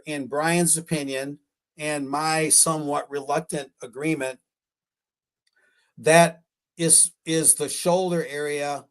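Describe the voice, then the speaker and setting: His voice slightly high, a male guest researcher talks on a live-streamed radio interview. He tends to ramble, hesitates, and keeps correcting himself with fillers.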